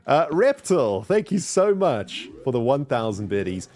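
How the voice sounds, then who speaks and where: A man's voice: mid-range voice, sing-song, normal speed, hardly any pauses, a little mellow, soft background music. A man chatting casually while streaming a video game, upbeat and thanking his viewers as he plays. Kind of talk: casual live-stream commentary.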